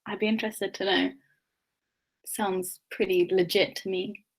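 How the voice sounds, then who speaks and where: A woman's voice: medium pitch, flat delivery, a little slow. A woman from London with a fairly posh southern English accent that has a slight London undertone, chatting casually on a livestream while doing her makeup, laughing often and drifting into tangents. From England, London. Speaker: livestream host.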